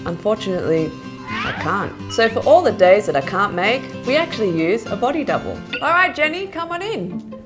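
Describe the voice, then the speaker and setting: A woman's voice: medium pitch, sing-song, normal speed, over music. A woman hosting her own show from a green screen studio, bubbly and teasing in scripted comedic delivery. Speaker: host of a hacks show. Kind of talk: scripted comedic vlog presenting.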